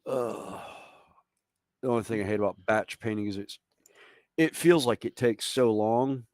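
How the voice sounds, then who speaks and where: A man's voice: on the low side, a little slow, no room sound, clean studio sound. A man from the southern United States with a Southern American accent, telling stories in a casual chat on a stream. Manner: storytelling, animated anecdotes.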